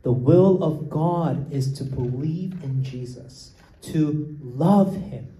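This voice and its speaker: A man's voice: fairly high pitch, slow pace, warm tone. A man preaching a sermon, explaining scripture and often asking "right?" as he goes. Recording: roomy echo.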